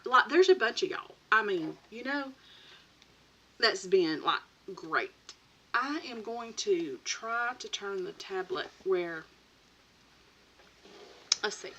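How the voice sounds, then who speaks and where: A woman's voice: medium pitch, sharp tone. Chatty woman on a dull stream. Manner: chatty, laughing, rambling, addresses viewers by name. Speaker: crafting channel host. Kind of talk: casual late-night live chat. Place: home craft room at night. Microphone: computer or tablet mic.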